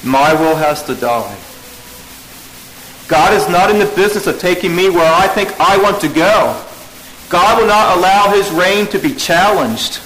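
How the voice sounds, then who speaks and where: A man's voice: high voice, lively intonation, measured pace, low-quality recording. Earnest man preaching a sermon. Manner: earnest, rises to forceful emphasis then drops to hushed tones. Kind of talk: evening sermon.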